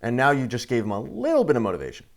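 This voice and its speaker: A man's voice: mid-range voice, wildly swooping pitch, rapid-fire. A man hosting a sports show, ranting with heated, sarcastic and profane commentary.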